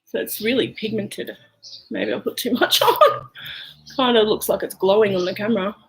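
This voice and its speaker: A beauty vlogger with an Australian accent chats casually through her makeup routine at home, rambling with plenty of "um" and "like". Her medium-pitched voice is creaky and a bit bright at a moderate pace, and the poor audio carries slight background noise.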